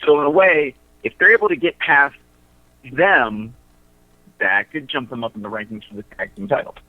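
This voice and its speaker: A man calling in to a radio show, talking through wrestling matchups in a halting way, with lots of fillers and restarts. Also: mid-range voice, big pitch swings, no room sound. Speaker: wrestling promotion insider guest. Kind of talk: casual radio chat. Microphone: phone. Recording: tinny phone line.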